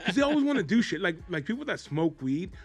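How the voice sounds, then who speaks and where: A man's voice: sits high, big pitch swings, quick pace, slightly rough, dry recording. Laid-back man swapping profane stories. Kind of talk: casual chat.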